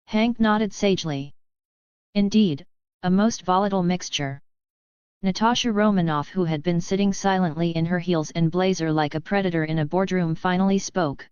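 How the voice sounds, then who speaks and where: A woman narrating a web novel audiobook in a steady, even storytelling manner, recorded dry and slightly dull. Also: fairly low pitch, a little fast, hardly any pauses, clean tone, no echo. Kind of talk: scripted narration.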